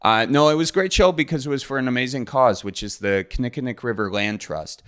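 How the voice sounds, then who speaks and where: A man's voice: medium pitch, fast, a bit bright, smooth. A man, hosting his podcast in a folksy, joking, rambling way. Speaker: podcast host. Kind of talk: casual solo podcast intro.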